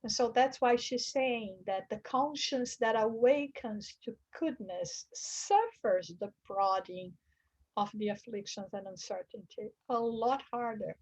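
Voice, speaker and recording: A woman's voice: a little slow, darkish tone, muffled recording. A woman leading a religious study class, earnest, reading passages and explaining them. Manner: earnest, acts out quoted screams with high bursts. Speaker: study group teacher.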